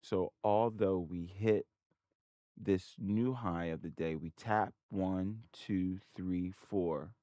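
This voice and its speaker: A man's voice: sits low, takes it slowly, warm tone, no room sound. A man hosting a trading channel, thinking aloud over his charts and muttering in frustration at his computer. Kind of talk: casual screen-share commentary.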